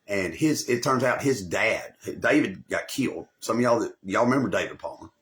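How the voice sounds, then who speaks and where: A man's voice: fairly low pitch, animated, normal speed, a bit bright. A man, telling a rambling, profane personal story as a channel host, boasting and swearing constantly and often losing his thread. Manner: swaggering, boastful, swears constantly, loses the thread and repeats himself.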